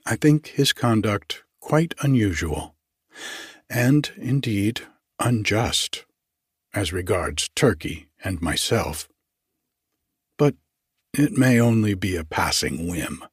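A man voicing a prim young copyist who speaks quiet and measured. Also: fairly low pitch, animated, husky, dry recording, clean studio sound, heavily acted.

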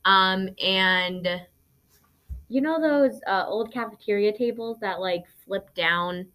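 Bright-voiced young woman rambling. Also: mid-range voice, takes it slowly, clean tone. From Arizona. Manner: rambling, full of ums and likes, blunt and profane. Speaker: podcast host. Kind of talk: casual Q&A chat.

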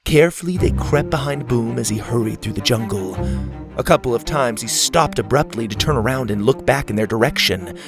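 Gravelly husky guy reading a kids adventure story, soft music behind. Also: mid-range voice, a little fast. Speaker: narrator. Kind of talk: storybook narration.

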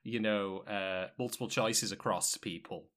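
A man's voice: fairly low pitch, fairly even intonation, moderate pace, fairly bright tone. A man hosting a podcast in casual chat, who rambles with wry jokes and asides. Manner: rambling, wry and joking, many fillers and asides. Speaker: podcast host.

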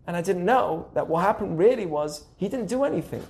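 A young adult man hosting a casual teaching podcast, animated and acting out the voices he quotes. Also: high-pitched, brisk, few pauses. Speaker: podcast host.

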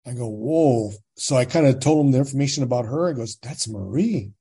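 A husky-voiced man in his sixties from California, settling into a long casual story. His voice sits on the dark, mellow side. He talks plainly and jumps into other people's voices when he quotes them. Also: medium pitch, brisk. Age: 60s. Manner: animated storyteller, acts out quoted dialogue. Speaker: guest.

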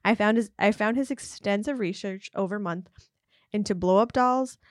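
A woman's voice: medium pitch, moderate pace, no room sound, studio quality. A woman co-hosting a comedy podcast, laughing often and reading submitted stories aloud. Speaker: podcast co-host. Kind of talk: casual comedic chat.

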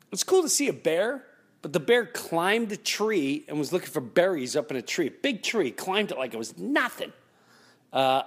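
A man hosts a casual solo podcast in a mid-pitched voice that swings up and down with lively intonation. He tells rambling stories, restarts his sentences often and acts out what other people said. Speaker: podcast host.

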